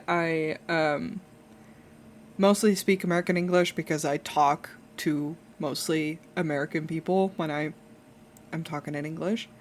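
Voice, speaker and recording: This talkative streamer comes from the Netherlands and speaks Dutch as her first language. She spins stories in a laid-back chat, growing louder and higher-pitched when worked up, and curses casually.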